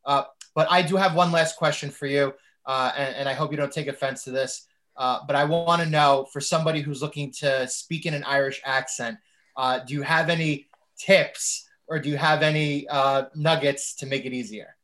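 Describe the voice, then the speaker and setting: A man's voice: a little high, fairly even intonation, normal speed, fairly bright tone. A man hosting a podcast, wrapping up an interview with an easygoing, filler-heavy manner. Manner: easygoing, many fillers and thanks. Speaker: podcast host. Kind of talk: casual interview chat.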